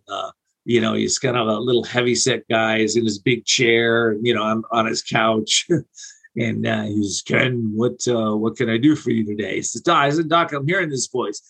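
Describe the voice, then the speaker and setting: A man in his forties tells his own story, searching for words and restarting his sentences. His voice is husky and his pitch sits in an ordinary middle range. He speaks earnestly, as a guest opening up on a talk show. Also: pushed and bright, poor audio. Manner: earnest, halting, many fillers and restarts. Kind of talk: personal storytelling on an interview show.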